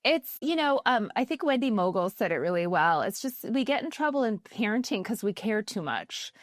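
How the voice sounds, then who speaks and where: A middle-aged woman co-hosting a parenting chat, calm and reflective, often affirming her partner. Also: medium pitch, moderate pace, no room sound, clean studio sound. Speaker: podcast co-host. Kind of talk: casual chat.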